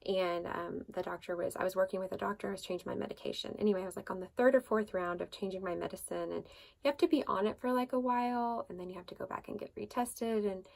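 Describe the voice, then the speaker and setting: A woman hosting a devotional podcast shares a personal faith story loosely and conversationally, full of fillers and restarts. She talks fast in a medium-pitched, gravelly, slightly mellow voice.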